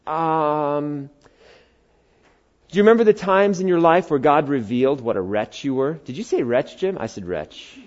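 Captured with lo-fi sound, this middle-aged male pastor speaks at normal speed in a slightly high, slightly mellow voice with lively intonation. His church sermon is conversational, and he jokes and banters with the congregation, voicing the people he quotes in character.

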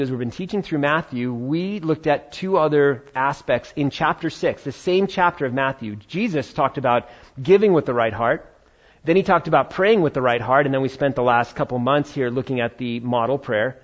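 A man preaching a sermon as pastor, talking in a conversational, animated way with playful asides. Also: mid-range voice. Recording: dull lo-fi sound.

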